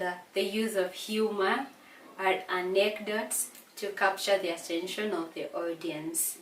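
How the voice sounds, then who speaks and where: A woman with a Kenyan English accent teaching an exam revision lesson, explaining slowly and deliberately, with hesitations and repeated words. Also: mid-range voice, far from the mic, a little hiss or hum. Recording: echoey room, voice away from mic.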